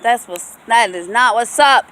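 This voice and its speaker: A woman's voice: a little high, unhurried, very noisy. A young woman, filming a casual vlog outdoors in a field, talking in sing-song baby talk to her dog. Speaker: vlogger.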